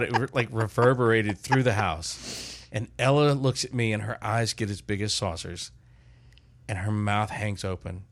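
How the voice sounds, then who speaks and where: Older man telling a funny story. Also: on the low side. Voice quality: animated storyteller, loud put-on shouts in quotes. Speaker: podcast host. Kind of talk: casual storytelling chat.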